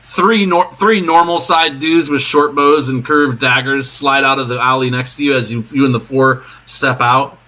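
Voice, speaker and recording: A man's voice: medium pitch, fairly even intonation, normal speed, few pauses, sharp tone. A man narrating a tabletop game as game master, loose and rambling, often laughing.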